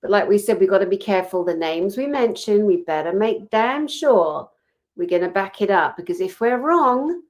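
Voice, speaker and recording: A woman co-hosting a casual talk, her pitch sitting in the middle of the range. She is passionate and outspoken, and she tells her stories with plenty of animation. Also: lively intonation, normal speed. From Britain. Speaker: co-host. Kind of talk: casual chat.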